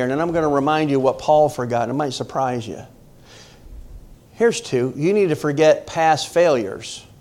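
The speaker is a middle-aged male pastor from the northern United States with a medium-pitched, darkish voice. In a conversational sermon he speaks emphatically, frequently putting questions directly to the congregation.

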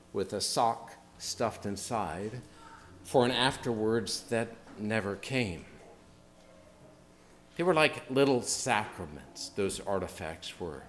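A man preaching a sermon in an earnest, reflective, measured way. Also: medium pitch.

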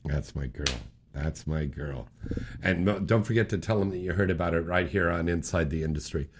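A man with a low, husky voice hosts a late-night talk radio show at a moderate pace. He chats loosely with his guests and callers, joking around and laughing often.

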